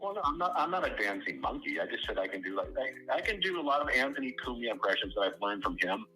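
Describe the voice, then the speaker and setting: A man's voice: medium pitch, very animated, fast talker, sharp tone, soft background music, poor audio. A man calling in to a podcast, rambling and stammering, repeating his words as he talks. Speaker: caller. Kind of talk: call-in banter.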